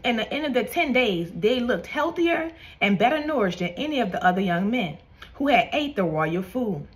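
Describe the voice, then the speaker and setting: A woman's voice: on the high side, very animated, moderate pace. Fervent woman preaching a prophetic word. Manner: fervent, repeats "come on now" and "baby". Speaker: online prophetic minister.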